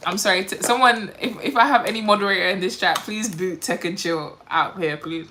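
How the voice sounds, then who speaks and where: A woman's voice: mid-range voice, brisk, bright, forceful tone, slight background noise. A woman, chatting animatedly while doing her makeup on a livestream, full of quoted voices and laughter. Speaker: beauty livestream host.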